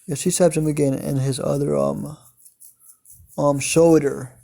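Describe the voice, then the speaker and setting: Brief: man telling a story off the cuff, mellow gravelly voice, halting delivery. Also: a little high, steady tone. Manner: halting, many fillers and restarts, chained "as she" clauses. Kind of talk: improvised fan-fiction narration.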